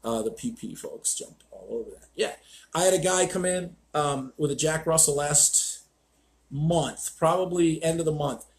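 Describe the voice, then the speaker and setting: A man's voice: on the high side, moderate pace. A man hosting a live stream as a dog trainer, telling stories bluntly with swearing and acted-out quotes. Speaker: dog trainer, show host. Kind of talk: casual live-stream chat.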